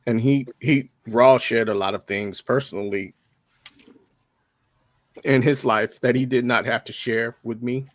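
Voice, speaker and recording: A man giving a heartfelt spoken tribute on a video call, earnest and halting, with many pauses and fillers. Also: mid-range voice, fairly even intonation, dry recording. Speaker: tribute speaker.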